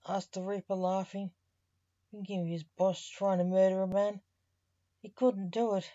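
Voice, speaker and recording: A woman's voice: medium pitch, steady tone, moderate pace, mellow, dry recording. A woman reading a short story aloud as narrator. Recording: slightly muffled dry recording.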